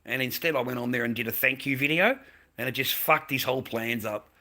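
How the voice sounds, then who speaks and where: A man's voice: medium pitch, brisk, sharp tone. An Australian man, a mask maker, ranting and rambling on a live stream at home, swearing constantly and laughing often. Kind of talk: casual live-stream rant.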